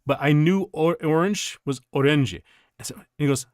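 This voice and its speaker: A male streamer telling stories in casual chat while playing a game, rambling and animated, laughing often. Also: on the high side, normal speed, clear, resonant tone, dry recording, studio quality.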